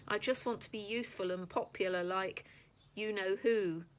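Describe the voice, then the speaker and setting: A woman's voice: mid-range voice, steady tone, moderate pace, lightly acted. A woman voicing a surly, whining male corgi dog in a storybook, talking sulkily and sheepishly. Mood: sulky. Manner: sulky, sheepish.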